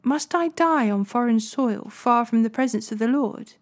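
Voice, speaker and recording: A woman's voice: a little high, moderate pace, natural voice. A woman reading as young warrior David. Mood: pleading. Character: young male warrior David, pleading and defiant.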